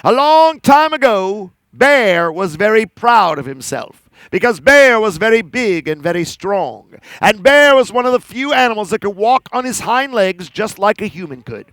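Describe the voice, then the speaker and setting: A man telling a folk tale to children at a live outdoor event, lively and talking straight to his audience. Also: sits high, normal speed, dry recording. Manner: animated, talks straight to the audience. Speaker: storyteller. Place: outdoor park celebration.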